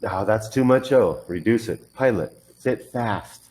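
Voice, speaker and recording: A man gives one-on-one English pronunciation lessons, patiently modelling words and correcting the learner's drills. His voice is on the low side and a little mellow, at normal speed, on a low-quality recording.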